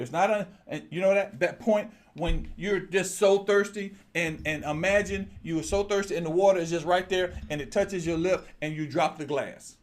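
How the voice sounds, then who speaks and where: A male preacher delivers a sermon in a fairly high voice. He talks straight to the congregation and repeats his phrases. He drops to low murmurs, then breaks into loud exclamations. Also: fairly quick, few pauses.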